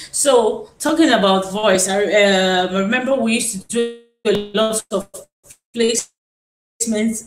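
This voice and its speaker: Female voice teacher, explanatory and repetitive, recorded on a phone in a roomy space. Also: medium pitch. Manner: explanatory, repeats words while thinking. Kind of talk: live-stream singing lesson. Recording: roomy phone live stream with faint hiss.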